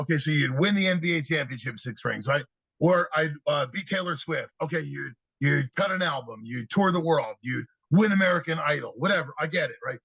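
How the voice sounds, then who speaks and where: A man guest on a podcast, telling lively stories about kids and acting out their replies in an energetic, conversational way. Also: on the high side, brisk, gravelly, husky, dry recording, highs cut off. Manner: animated storyteller, acts out kids' answers. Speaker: podcast guest, youth speaker. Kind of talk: storytelling interview talk.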